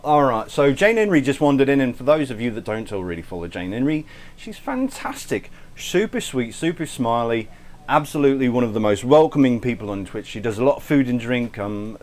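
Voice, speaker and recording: Guy rambling through a cooking stream, shouting out viewers, tosses in a bit of cursing, keeps a put-on accent going the whole time. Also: medium pitch, very animated, a little fast. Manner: chatty, rambling, thanks viewers by name; frequent self-interruptions and light swearing. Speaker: cooking livestream host. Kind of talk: casual live-stream chat while cooking.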